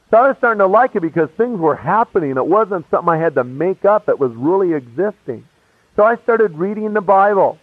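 A man's voice: a little high, dry recording. A man telling a personal story in a casual, chatty way, acting out the people he quotes with shifting voices. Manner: casual, chatty, full of "you know" asides. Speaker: speaker giving a personal testimony. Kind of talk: animated storytelling. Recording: dry, tinny phone-like radio sound.

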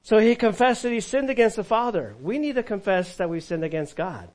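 A male pastor delivers a conversational sermon in a church. His voice sits a little higher than most men's. He swings between emphatic, raised lines and soft, hushed asides. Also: a little fast, rough recording. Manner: animated, conversational preaching with sudden drops to a hush.

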